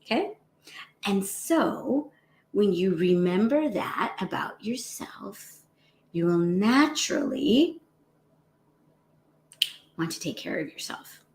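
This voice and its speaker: A woman physician talks in a casual, encouraging way and acts out the harsh voices people use on themselves. Her pitch is mid-range but very lively, jumping high and dropping low. The sound has a roomy echo. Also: slow, pauses often, slight background noise. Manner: animated, acts out self-critical inner voices, often adds "right?". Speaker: physician and motivational host. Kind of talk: casual motivational talk.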